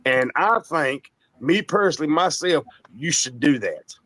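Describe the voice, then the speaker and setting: A man's voice: on the high side, expressive, measured pace, bright, forceful tone, no room sound. A man on a heated livestream callout, talking in a blunt, urgent way.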